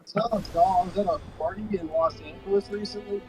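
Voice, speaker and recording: A man doing a stand-up set and then chatting as a guest, with brisk, deadpan joke delivery. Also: high voice, over music, poor audio. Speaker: stand-up comedian.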